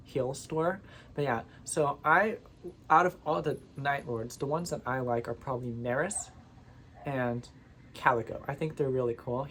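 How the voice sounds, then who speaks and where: Chatty rambling vlogger, faint hiss. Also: medium pitch. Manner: chatty, wanders off on tangents, playfully indignant. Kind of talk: casual rambling monologue.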